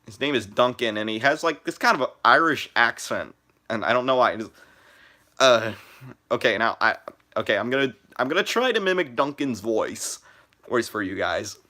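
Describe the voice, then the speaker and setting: A young man talks through his first live stream in a loose, rambling way. He keeps restarting his sentences and padding them with fillers. His voice sounds bright and forceful at a middle pitch. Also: animated, moderate pace. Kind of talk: casual live stream chat.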